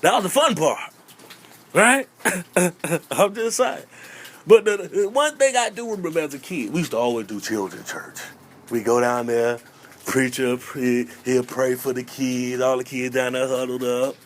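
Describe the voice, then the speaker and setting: In an unhurried, mid-range voice, a North Carolina comedian shares stand-up stories of his church upbringing. He keeps things playful, performs little character voices, and leans on the catchphrase "I'm just saying."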